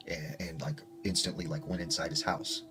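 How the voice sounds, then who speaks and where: Low-voiced man rambling through a ghost story. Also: level tone, normal speed. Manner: rambling, filler-heavy storytelling. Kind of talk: casual spoken ghost story. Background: music.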